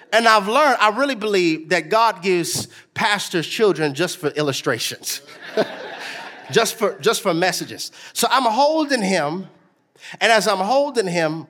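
A pastor preaches to his congregation in a high, animated, bright voice. He tells stories gently, then rises into shouted, half-sung exhortation. He leads the room in call-and-response. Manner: swings between soft storytelling and shouted, half-sung exhortation. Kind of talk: sermon. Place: church sanctuary with a live congregation.

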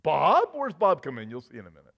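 A man's voice: medium pitch, huge pitch swings, very fast. A man preaching a sermon, talking conversationally and telling a dramatic story with rhetorical questions. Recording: dull lo-fi recording.

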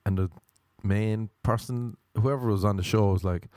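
A young Irish man doing stand-up storytelling, animated and quick to act out other people's voices. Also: on the low side, dry recording, clean studio sound. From Ireland. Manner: animated, acts out voices in quotes. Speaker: comedian.

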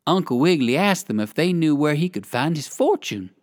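A narrator reading a children's story aloud in an expressive, sing-song way. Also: medium pitch, brisk, dry recording, clean studio sound.

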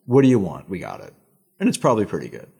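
Middle-aged male exec guest: husky, expressive, animated storyteller. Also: low-pitched, fast. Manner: animated storytelling, emphatic asides. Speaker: media executive guest. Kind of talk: conversational interview.

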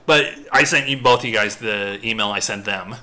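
A man's voice: fairly low pitch, moderate pace, bright, forceful tone. A man hosting a podcast, chatting casually and teasing, laughing often. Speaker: podcast host. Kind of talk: casual comedic banter.

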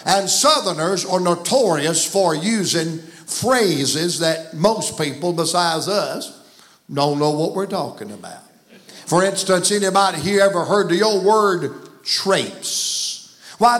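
A man's voice: sits high, a bit bright. A man with a Southern American accent preaching a folksy, emphatic sermon in a church. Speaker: guest preacher. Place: church sanctuary.

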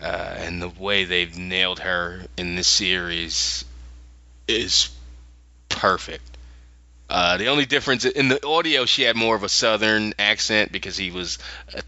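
A man from the US co-hosting a podcast in casual chat, animated, laughing often and restarting sentences as he thinks. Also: sits low, a little slow, dry recording, dull audio. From Philadelphia, USA. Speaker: podcast co-host.

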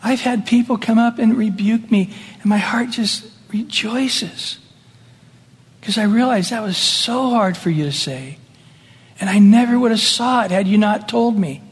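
A man's voice: sits high, measured pace, slightly rough. A middle-aged man, a senior pastor, preaching a sermon in a conversational way, with laughing asides and acted-out quoted voices. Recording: long hall reverb.

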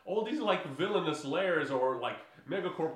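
A man's voice: on the high side, expressive, moderate pace, recorded from a distance, crowd noise. A man recapping a movie in casual podcast chat, rambling with many fillers and laughing often. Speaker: podcast co-host. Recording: echoey room, voice off-mic.

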